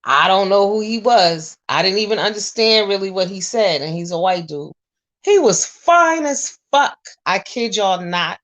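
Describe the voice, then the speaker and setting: A woman in her forties chatting to viewers, telling a story in a blunt, animated, profane way. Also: mid-range voice, unhurried. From US Northeast. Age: 40s. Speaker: vlogger.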